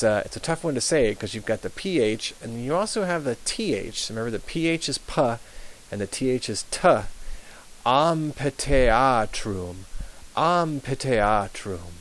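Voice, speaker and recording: A young adult man teaching a high school Latin pronunciation lesson, patiently repeating words slowly with frequent ums. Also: low-quality recording.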